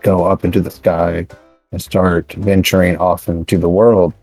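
A man narrating as game master of a tabletop game, unhurried with many pauses. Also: sits low, flat delivery, darkish tone, slightly rough, no echo, soft background music, rough recording.

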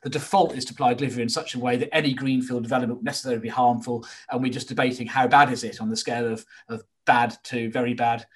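A man hosting a planning discussion, giving measured, opinionated commentary with frequent hesitant fillers. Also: mid-range voice, steady tone, husky. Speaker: host. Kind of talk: expert commentary.

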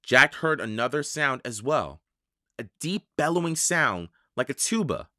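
A storyteller slowly and expressively narrating a children's audiobook. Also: mid-range voice, sing-song, bright, forceful tone, dry recording, clean studio sound. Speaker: audiobook reader.

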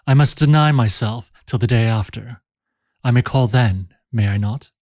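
A courteous officer makes polished, gallant small talk, as a male narrator reads him. The voice sits at a middling pitch, close to the narrator's own. The sound is dry and close. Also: normal speed, darkish tone, dry recording, lightly acted.

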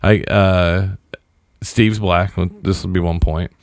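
A man's voice: low-pitched, fairly even intonation, takes it slowly, no echo, studio quality. A man in his thirties co-hosting a casual podcast, telling a long story in a laid-back, wry way and acting out what others said. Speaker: podcast co-host.

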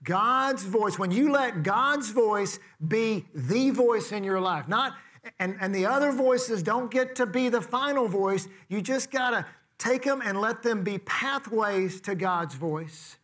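High-voiced man preaching a sermon. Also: expressive, slow pace, fairly bright tone. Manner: conversational preaching with rhetorical questions. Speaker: pastor.

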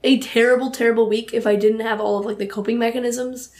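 A young woman co-hosting a casual podcast, with dry deadpan jokes and halting speech full of fillers. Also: fairly high pitch. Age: young adult. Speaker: podcast co-host.

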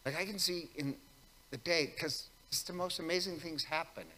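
A man's voice: a little high, normal speed, pushed and bright. A priest giving a conversational weekday homily, wry and self-mocking in his asides. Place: church. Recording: long church reverb.

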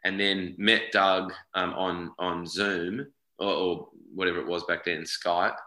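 Australian man, 40s, very deep and bright-toned; rambling interview guest in an echoey room. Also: level tone, unhurried. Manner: rambling, self-correcting, repeats words. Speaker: actor guest. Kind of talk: casual interview chat.

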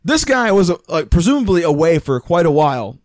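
A man with a high voice tells crude, lively stories in a casual chat. The recording is dry, with no room sound. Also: brisk, no room sound. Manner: profane, animated storytelling.

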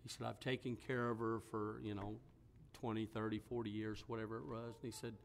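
A middle-aged man, a pastor, preaching a sermon. He tells a story in a low, quiet voice and then builds to loud, forceful emphasis. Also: little pitch movement, a little fast, gravelly, slight background noise. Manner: storytelling, drops to a hushed voice for quoted words, then rises with emphasis.

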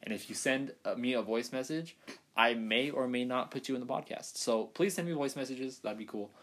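A young man chats loosely as a podcast host, drifting between thoughts and laughing often. His voice sits at an ordinary middle pitch for a man. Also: a little fast, a bit bright. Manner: rambling and playful, with frequent fillers and laughter. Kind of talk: casual chat.

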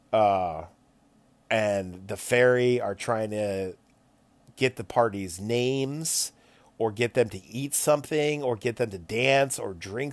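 A man, the game master, casually recaps a tabletop game with loose, profane energy and frequent laughter. His voice has a gravelly, creaky texture at a middle pitch. The sound is close and dry. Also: no echo. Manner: animated, profane, laughs often.

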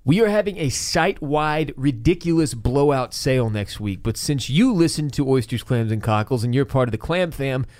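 A man hosting a podcast, his voice smooth and resonant on a close studio mic. He talks loosely and jokes, swears freely, and shifts into a quick ad read. The sound is dry with no room echo. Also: medium pitch, a little mellow. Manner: joking, profane, loose. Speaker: podcast host. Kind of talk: casual podcast chat and ad read.

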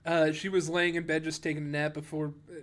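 A man's voice: on the high side, level tone, fast talker, a bit bright. A man co-hosting a podcast, joking in casual chat and laughing often. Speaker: podcast co-host.

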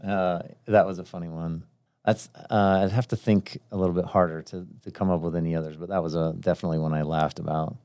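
A middle-aged college instructor chats as a podcast guest, relaxed and fond of jokes. His voice is very deep and steady. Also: quick pace, smooth. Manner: easygoing, joking. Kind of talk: casual podcast chat.

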